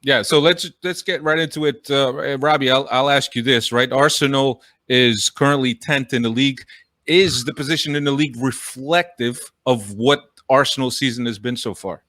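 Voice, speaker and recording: A man hosting a podcast, asking the guest direct questions in a measured way. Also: medium pitch, fairly bright tone, no room sound. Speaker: podcast host.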